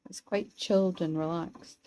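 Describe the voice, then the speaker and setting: A young Scottish woman streaming a game, chatting wryly with her viewers and pausing mid-thought. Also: on the low side, steady tone, warm tone, rough recording. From Scotland. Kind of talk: casual gameplay commentary, chatting with viewers.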